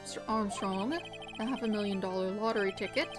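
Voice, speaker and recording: A woman's voice: medium pitch, a little fast, close to an everyday voice. A woman voicing an earnest young male defense lawyer, reading game lines aloud over game music. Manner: earnest, accusing.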